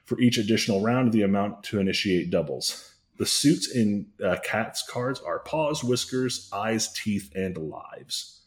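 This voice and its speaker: A man's voice: on the low side, animated, measured pace. A man hosting a comedy podcast, recapping a story in a rambling, self-correcting way with dry jokes. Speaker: podcast host.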